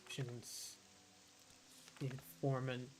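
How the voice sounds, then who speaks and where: A man's voice: mid-range voice, monotone, slow pace, faint music behind. A man from Ireland streaming a game, chatting casually and rambling with lots of fillers. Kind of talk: casual gameplay commentary.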